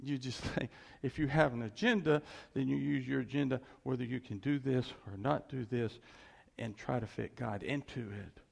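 A male preacher giving a conversational, animated sermon and often chuckling as he talks. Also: mid-range voice, moderate pace, vocal fry, breathy edge.

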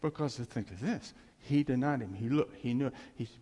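A man's voice: mid-range voice, normal speed, mellow, big-room sound. A man giving informal Bible teaching in a conversational way, acting out the scenes he describes and often laughing.

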